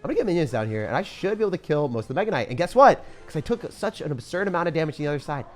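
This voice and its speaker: A man giving casual, excitable live commentary on his own gameplay, using slang and laughing often. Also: fairly high pitch, rapid-fire, soft background music. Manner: excitable, swings from mutters to shouts. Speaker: gaming commentator.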